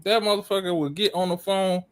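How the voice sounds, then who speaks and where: A person in casual podcast chat, telling stories in a lively way and acting out quotes. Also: medium pitch, fairly quick. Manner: lively storyteller, acts out quotes.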